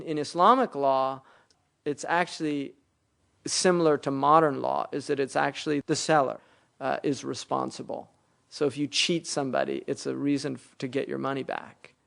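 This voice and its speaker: A man's voice: mid-range voice, fairly even intonation, normal speed, gravelly, fairly bright tone. A man giving a religious lecture, explaining Arabic words and verses, often rising into emphatic explanation. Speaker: Islamic teacher.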